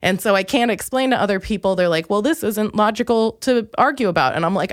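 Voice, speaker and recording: A young woman comedian talks through a loose, rambling monologue, mocking herself as she goes. Her voice sits in a middle register and jumps high when she acts out her own panic. It is recorded close and dry, with no room sound around it. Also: lively intonation, brisk, few pauses, no room sound. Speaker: comedian podcast host.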